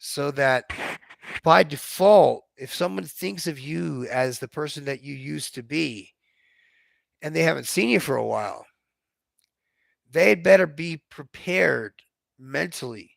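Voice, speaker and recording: Brief: young man, gravelly fry-heavy voice, slightly high, blunt and profane storyteller, dry close mic. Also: expressive, unhurried, long pauses, dry recording. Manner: blunt, profane, self-described robotic delivery. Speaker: vlogger. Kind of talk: casual storytelling monologue.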